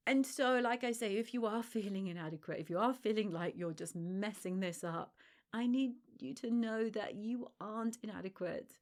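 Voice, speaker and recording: A woman's voice: medium pitch, normal speed, darkish tone. A woman hosting a solo podcast as a dog trainer, talking emphatically and reassuringly straight to the listener. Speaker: dog separation-anxiety trainer and podcast host.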